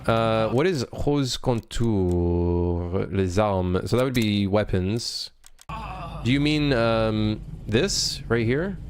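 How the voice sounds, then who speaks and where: A young man, a game developer on a livestream, talking loosely and haltingly with many fillers while reading viewer chat aloud. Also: lowish voice, lively intonation, slight background noise.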